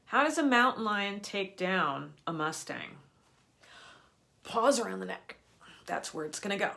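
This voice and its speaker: An energy healer for people and animals gives a live teaching talk in an earnest, explanatory, emphatic way. Her medium-pitched voice is animated yet unhurried, with vocal fry and a sharp tone.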